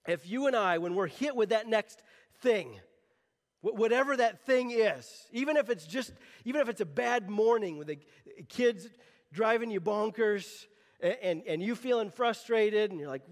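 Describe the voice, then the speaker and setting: A male pastor preaching a sermon, earnest and animated, often restarting his phrases. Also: sits high, big-room sound.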